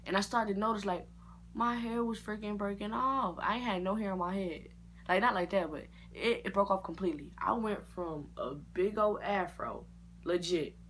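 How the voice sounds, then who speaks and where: A young adult woman vlogger telling a story in a casual, slangy way and jumping into high-pitched reactions. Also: a little hiss or hum.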